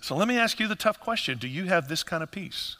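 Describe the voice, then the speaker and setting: Animated preacher with a bright, ringing voice. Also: male voice, high voice, fast. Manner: animated, acts out voices of people in the story. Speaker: pastor. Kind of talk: sermon. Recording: long hall reverb.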